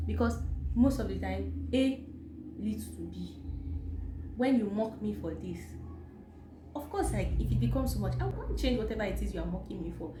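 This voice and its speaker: Talking emphatically to camera in her vlog, a young Nigerian woman with a medium-pitched voice and Nigerian accent shares opinions and poses rhetorical questions. The echoey room carries faint ambience and background noise.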